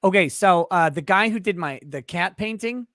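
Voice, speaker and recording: A man's voice: high-pitched, expressive, moderate pace, a bit bright, no room sound, clean studio sound. Joking man hosting a live stream. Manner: loose, joking, rambling with restarts. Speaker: host. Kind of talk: casual live-stream chat.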